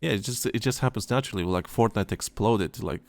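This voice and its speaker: A man co-hosting a podcast in casual chat, rambling and halting, with plenty of fillers and restarts. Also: on the low side, gravelly, dry recording, clean studio sound. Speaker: podcast co-host.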